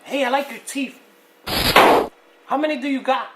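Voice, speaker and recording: A woman voicing a cheeky, teasing pig puppet in a kids' puppet show, joking slowly. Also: sits high, close to an everyday voice. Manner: teasing, jokey, slow drawl. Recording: echoey room with loud noise.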